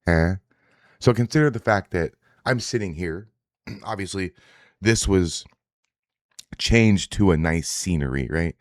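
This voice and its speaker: A man's voice: low-pitched, expressive, measured pace, long pauses, dry recording, studio quality. A man hosting a daily reaction livestream, ranting in a profane, combative, casual way. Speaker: host. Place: indoors, home setup.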